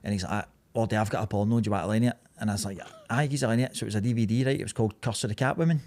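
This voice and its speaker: A man's voice: fairly low pitch, rapid-fire, darkish tone. A man in his thirties with a Glaswegian accent, telling stories in casual podcast chat, swearing and laughing freely. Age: 30s. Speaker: podcast co-host.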